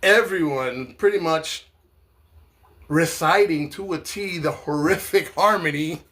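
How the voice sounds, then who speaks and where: A man from New York delivering an impassioned, profane political rant. He swings between loud outbursts and low, slow asides. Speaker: political commentator.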